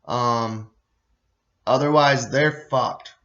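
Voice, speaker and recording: A man's voice: medium pitch, steady tone, drawn-out words, sharp tone, highs cut off. An American man hosting a podcast, reading a news article aloud and breaking off into sarcastic, profane commentary, sometimes losing his place. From United States. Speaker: podcast host.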